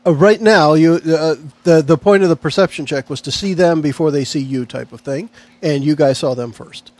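A man's voice: fairly high pitch, moderate pace, darkish tone, dry recording. A man narrating a tabletop game as game master, playful and loose, with fillers between his descriptions.

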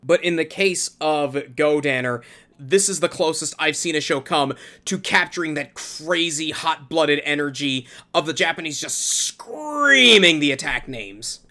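A man chats on a podcast, gushing with enthusiasm. His voice is bright and forceful. It also sits slightly higher than most men's. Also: normal speed. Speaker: podcast co-host. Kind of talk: casual podcast chat.

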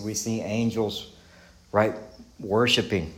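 A man's voice: mid-range voice, moderate pace, a little mellow, echoey room. A man with a Texan accent preaching a sermon as a pastor, earnest and conversational, repeating questions and restarting his sentences. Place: church sanctuary.

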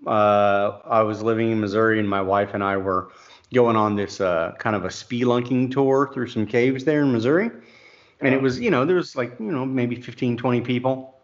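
A man's voice: medium pitch, normal speed. A middle-aged man in casual conversation who laughs easily and tells a story of his own. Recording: dull lo-fi sound.

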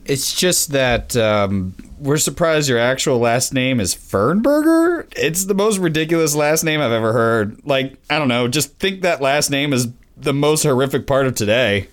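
A man's voice: mid-range voice, expressive, moderate pace, hardly any pauses, close to an everyday voice. A man voicing a laid-back young man in a comedic horror parody, casual and slangy.

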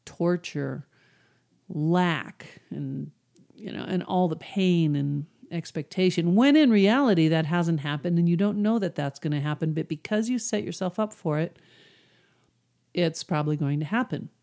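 A middle-aged woman hosting a podcast, explaining mind techniques in a relaxed, conversational way and briefly acting out people's inner voices. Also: on the low side, unhurried, creaky. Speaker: podcast host, hypnosis coach. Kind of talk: casual teaching monologue.

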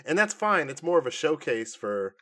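Bright, lively male podcast co-host. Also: fairly high pitch, normal speed. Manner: animated, laughs a lot, acts out quotes in silly voices. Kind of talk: casual pop-culture review chat.

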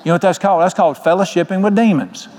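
A man's voice: sits high, rapid-fire, a little mellow, slight background noise. An older man preaching a sermon as pastor, folksy and joking. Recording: long hall reverb.

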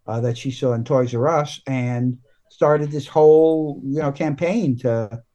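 A man, a guest comics writer, talking in a casual podcast interview, halting and full of restarts and fillers. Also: medium pitch, dull audio, a crowd in the background.

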